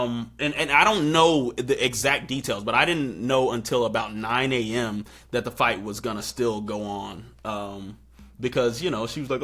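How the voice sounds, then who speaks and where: A young man chats on a podcast, recounting a wild night with lots of fillers. His voice is bright and clear. When he quotes people he jumps up into loud, excited squeaks. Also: moderate pace. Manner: animated storyteller, acts out quotes in high excited bursts. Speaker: podcast host. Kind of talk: casual storytelling chat.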